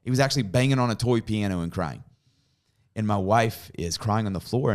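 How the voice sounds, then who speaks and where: A pastor tells a personal story in an earnest, conversational way. His voice sits low, and it drops to a hush when the story turns tender. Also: a little fast. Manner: earnest storytelling, softening to a hush in emotional moments.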